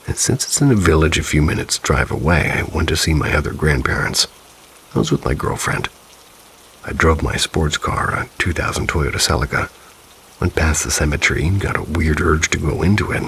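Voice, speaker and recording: Very deep gravelly male narrator. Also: a bit bright, slight background noise, rough recording. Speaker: narrator of submitted ghost stories. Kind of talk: scripted narration.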